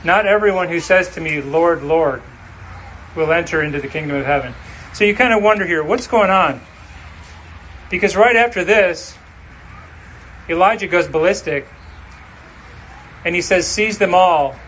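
A male pastor delivering a sermon, reading scripture and preaching with slow, emphatic, dramatic phrases. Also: high-pitched, fairly bright tone, slight background noise, poor audio.

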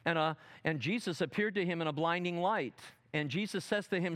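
A man teaching a sermon seminar, dramatic, asking the audience questions and swinging from loud emphatic quotes to soft asides. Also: a little high, lively intonation, fairly quick, few pauses. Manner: asks the audience fill-in questions. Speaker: preacher.

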